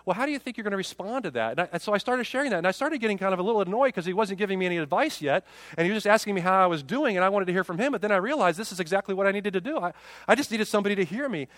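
Fast-talking high-voiced male pastor. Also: expressive, a bit bright, dry recording. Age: 40s. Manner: conversational, repeats words as he goes. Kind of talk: sermon.

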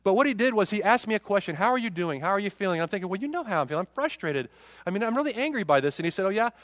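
A man's voice: sits high, big pitch swings, very fast, a bit bright, no echo. A man in his forties, a pastor preaching a sermon, often repeating words as he goes. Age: 40s.

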